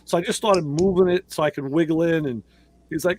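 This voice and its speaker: A man, co-hosting a casual show, telling lively stories and acting out other people's voices. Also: fairly quick. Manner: animated, acts out others' voices in a high pitch. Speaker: podcast co-host. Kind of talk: casual storytelling chat.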